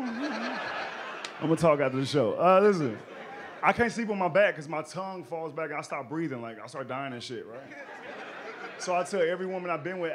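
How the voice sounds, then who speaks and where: High-voiced man doing stand-up. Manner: loose, slangy storytelling with acted-out quotes. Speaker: stand-up comedian. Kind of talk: stand-up comedy set. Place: comedy club stage. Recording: live club recording with noisy room. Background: audience laughter.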